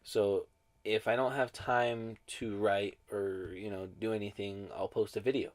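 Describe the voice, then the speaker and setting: Young male co-host, low voice, laid-back and reflective, casual podcast chat. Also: level tone, a little slow.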